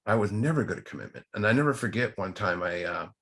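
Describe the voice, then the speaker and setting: A man's voice: on the low side, expressive, quick pace, gravelly, a bit bright. A man speaking to a recovery study group in a casual, rambling way with many restarts. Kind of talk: casual talk.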